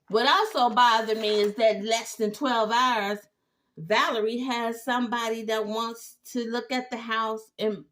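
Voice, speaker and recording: A woman giving a casual, animated TV episode recap with exclaiming asides. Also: medium pitch. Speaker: TV recap host.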